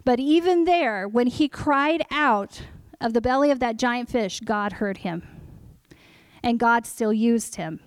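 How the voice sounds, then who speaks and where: A woman preaching a sermon, telling a personal testimony in an animated storytelling way and acting out her own past words. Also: a little high, slow, clear, resonant tone, no echo.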